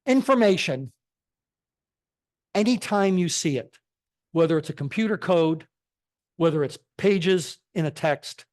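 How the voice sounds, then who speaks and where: A man's voice: a little high, expressive, measured pace, long pauses, a little mellow. Emphatic man preaching on science and faith. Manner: emphatic, rhetorical questions, frequent "okay?" checks. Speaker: guest speaker at a church. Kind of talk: sermon-style lecture on science and faith. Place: church sanctuary.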